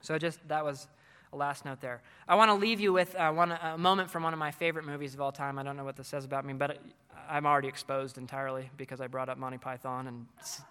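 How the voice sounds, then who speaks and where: A man's voice: a little high, steady tone, fast, sharp tone, clear, resonant tone. A man giving a conference talk to fellow teachers, earnest and coaching in tone, with frequent ums and restarts. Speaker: teacher speaking to fellow educators. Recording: long hall reverb.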